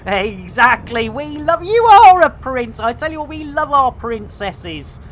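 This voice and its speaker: A woman's voice: high-pitched, very animated, measured pace, soft background music. Exuberant woman in her fifties. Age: 50s. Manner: exuberant, bursts into shouts and banter, catchphrase-heavy. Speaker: game streamer. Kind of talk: live game stream chat.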